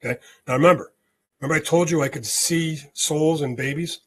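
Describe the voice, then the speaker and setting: A man guest on a spiritual podcast, telling a story in an animated way and often checking in with "okay?". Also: fairly high pitch, fairly quick, husky.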